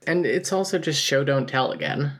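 Very low-voiced woman with gravelly fry. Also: expressive, normal speed. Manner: dry, explanatory, wry humor. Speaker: podcast co-host, critic. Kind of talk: casual book review chat.

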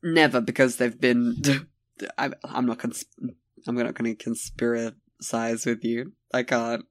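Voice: mid-range voice, level tone, measured pace, no echo, studio quality. A podcast co-host chatting casually, joking, laughing often and swearing. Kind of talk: casual chat.

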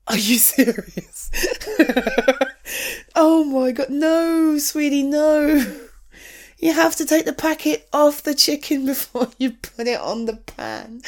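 A young woman voicing an affectionate girlfriend in an audio role-play, pitched a little high and speaking at an unhurried, drawn-out pace. She laughs often, swears freely and teases before softening into tenderness. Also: heavily acted. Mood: amused, teasing. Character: affectionate young woman, teasing and forgiving partner. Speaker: girlfriend coming home.

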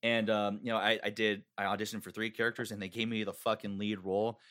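A man's voice: fairly low pitch, flat delivery, quick pace, a bit bright. A man in a casual podcast chat, a guest voice actor telling stories about his career in a laid-back way and swearing freely.

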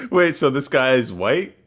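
Teasing young man with a lively voice. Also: mid-range voice, slow pace. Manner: teasing questions. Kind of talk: casual banter.

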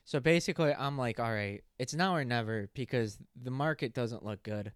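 A man's voice: mid-range voice, clear, resonant tone, no room sound, studio quality. A young man in college hosting a casual podcast, rambling through stories with swearing and restarts. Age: young adult. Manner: rambling, swearing, quick laughs. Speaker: podcast host. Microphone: podcast mic.

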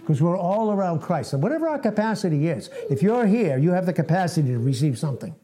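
A man's voice: sits high, sing-song, quick pace, dark tone, a little hiss or hum. A man in his late sixties preaching an informal, earnest sermon to a small fellowship, often laughing at himself. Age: 60s.

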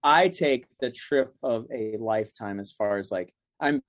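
Animated young man telling stories. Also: medium pitch, measured pace, no room sound, clean studio sound. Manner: animated, acts out quotes in other voices. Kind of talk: casual storytelling chat.

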